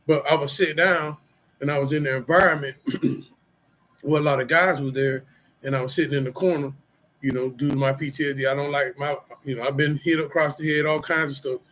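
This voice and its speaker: A man's voice: fairly high pitch, steady tone, fairly quick, fairly bright tone, a little hiss or hum, poor audio. A middle-aged man talking casually and candidly to his viewers about his past and how he has changed, rambling with lots of fillers and street slang. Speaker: vlogger sharing personal recovery. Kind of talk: casual personal talk to camera.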